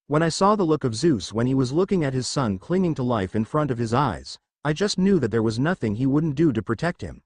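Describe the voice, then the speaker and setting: An earnest superheroine, troubled and explaining, as a man reads her, in a mid-pitched voice with a lively lilt. The recording is dry. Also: fairly quick, few pauses, dry recording.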